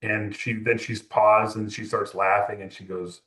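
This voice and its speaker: A man's voice: on the low side, flat delivery, a little slow, fairly bright tone, echoey room. A man from California, a music photographer, telling a long story in an interview with many fillers and restarts.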